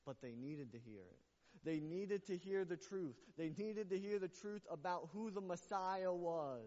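A man's voice: high voice, a little mellow. A man preaching a sermon to his congregation, emphatic and repetitive, building his points through repeated lines. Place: church service. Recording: dull lo-fi with long reverb.

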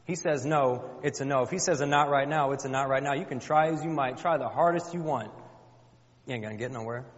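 A man preaching in a church, emphatic and plain-spoken, leaning on repetition to drive points home. His voice sits at a middling pitch. The recording is muffled and lo-fi, with a long reverb from the hall. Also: brisk. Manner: colloquial, emphatic, repeats phrases for effect. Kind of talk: sermon.

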